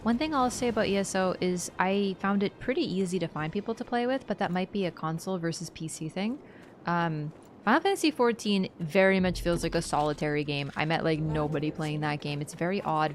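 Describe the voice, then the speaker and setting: Lively woman streaming a game. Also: lowish voice. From Canada. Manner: excitable, reacts aloud to gameplay and chats with viewers. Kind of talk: casual livestream chat while gaming. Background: game music.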